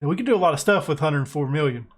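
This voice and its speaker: American guy, gaming commentary, excitable, self-mocking, a bit high-voiced. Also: rapid-fire, husky. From United States. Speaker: gaming YouTuber. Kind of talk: casual gameplay commentary.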